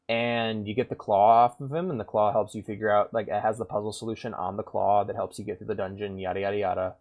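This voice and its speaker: Animated, swearing male game streamer. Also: on the low side, quick pace, hardly any pauses. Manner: animated, rambling and profane, acts out game characters. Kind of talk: casual gaming commentary.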